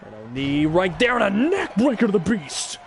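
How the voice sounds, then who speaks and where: A man doing excitable play-by-play commentary on a wrestling video game, often breaking into shouted exclamations. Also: high-pitched, moderate pace, vocal fry, slight background noise. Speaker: gaming channel host.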